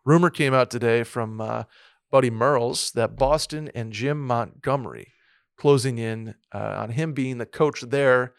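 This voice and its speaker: Rambling podcast co-host, dry sound. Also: male voice, mid-range voice, unhurried, creaky, clear, resonant tone, no echo. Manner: rambling, many restarts and fillers. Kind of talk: casual sports podcast chat. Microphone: studio mic with a soundboard.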